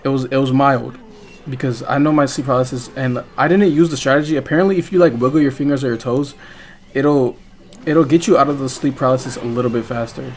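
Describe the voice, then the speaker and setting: A man's voice: medium pitch, quick pace, a little mellow. A young man telling a story casually while playing a game, rambling and swearing, full of fillers and restarts. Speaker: gaming vlogger.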